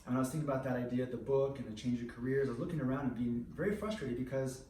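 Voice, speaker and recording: A man's voice: medium pitch, rapid-fire. A man from the United States giving a candid, freestyle talk, blunt and profane, telling stories from his past. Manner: blunt, profane, animated storytelling. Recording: roomy echo, mic at a distance, faint noise.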